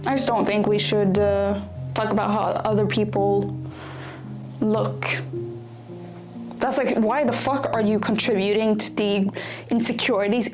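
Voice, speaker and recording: A woman's voice: mid-range voice, little pitch movement, measured pace, long pauses. A young adult woman vlogging casually in a blunt, ranting way, swearing constantly. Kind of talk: casual vlog talk. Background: background music.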